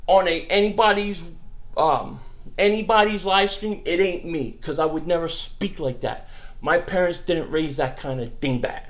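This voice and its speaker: A young man with a fairly high voice runs a casual live-stream Q&A. He sounds brash and animated as he fields questions from viewers and fires back at trolls.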